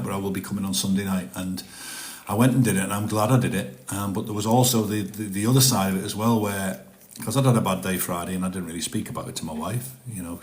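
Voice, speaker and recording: A middle-aged man talks openly and rambles a little as he hosts a live stream, stopping to read out viewer messages. His voice sits on the lower side. The sound carries a noticeable room echo. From northeast England. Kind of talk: casual live-stream chat.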